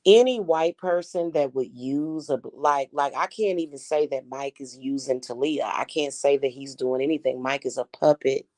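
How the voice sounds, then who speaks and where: A woman's voice: very deep voice, normal speed, few pauses, warm tone, dry recording. A young woman venting in an angry, profane rant, blunt and scornful as she talks. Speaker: spiritual reader and vlogger. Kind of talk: angry ranting monologue.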